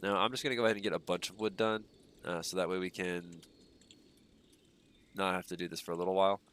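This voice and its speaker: Fast and deep-voiced, a young gaming streamer with a blocked-up nose keeps up relaxed, meandering livestream commentary while he plays. Ums and uhs come often, and slight background noise can be heard.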